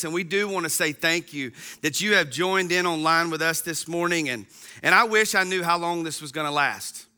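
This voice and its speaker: A man's voice: a little high, pushed and bright, smooth. A man in his thirties giving a casual, folksy sermon as a pastor to an online congregation, chatty with frequent ums.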